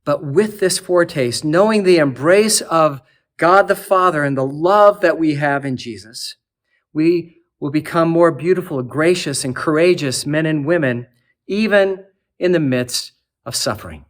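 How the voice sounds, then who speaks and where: A man preaching a sermon in earnest, building lists of words and easing down to a soft, low close. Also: measured pace. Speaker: archdeacon preaching. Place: cathedral.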